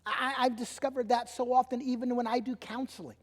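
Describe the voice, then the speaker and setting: Middle-aged male pastor, high pitched and emphatic, sermon in a reverberant hall. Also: fairly quick. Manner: animated, emphatic preaching with acted-out quotes. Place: church sanctuary. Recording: long church hall reverb.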